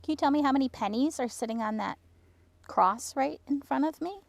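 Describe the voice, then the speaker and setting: A woman's voice: high-pitched, fairly quick, vocal fry, no room sound. A woman co-hosting a ghost hunt, chatting casually and with amusement at an outdoor grave site. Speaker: co-host of a ghost hunting vlog. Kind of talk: casual on-location chat.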